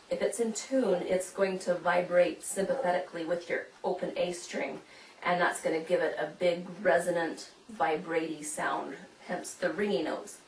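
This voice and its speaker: A woman's voice: on the low side, slight background noise. Woman teaching violin in an echoey room. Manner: friendly, explaining step by step with demonstrations. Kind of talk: instructional demonstration. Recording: echoey room, mic at a distance.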